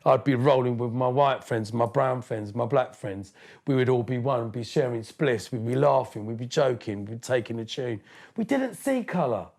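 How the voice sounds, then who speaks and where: A man in his fifties talks with a gravelly, fry-edged voice at an everyday pitch. He is animated and slangy, stumbling over repeated words as he speaks. The feel is a laid-back interview chat. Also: moderate pace. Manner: street slang. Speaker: DJ and producer, interview guest.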